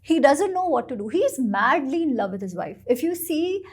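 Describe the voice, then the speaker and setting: A woman, a guest author, telling stories in an animated and expressive way during an interview. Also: high-pitched, moderate pace. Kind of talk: storytelling in a podcast interview.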